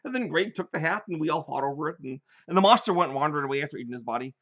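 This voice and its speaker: An older man hosting a casual live chat, telling animated stories from his gaming sessions. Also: a little high, very fast, highs cut off. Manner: animated storyteller, rambling with restarts.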